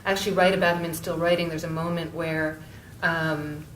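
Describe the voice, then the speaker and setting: A middle-aged woman author telling a story on a panel, halting, with many restarts and fillers. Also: little pitch movement, a bit bright. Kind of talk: conversational storytelling. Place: book event room, indoors. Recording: echoey room, mic far off, faint rumble.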